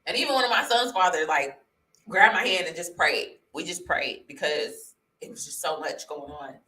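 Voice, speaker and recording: A woman tells her personal story in an earnest, emotional way, close to tears and rambling with restarts. Her voice is bright and clear. The room sounds echoey, and she is some distance from the mic. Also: deep voice, normal speed. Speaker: vlogger sharing her testimony.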